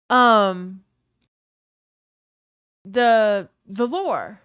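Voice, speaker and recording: A woman from the US South streams a game and chats to her audience in a blunt, profane, animated way. Her voice is close and dry. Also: medium pitch, moderate pace, smooth, no room sound. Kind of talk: casual livestream commentary.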